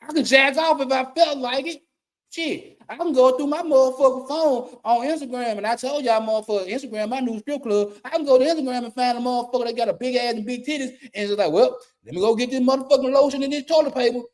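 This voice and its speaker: A middle-aged YouTube commentator delivers a blunt, profane ranting monologue in a very high voice at a fast pace. He repeats his points for emphasis.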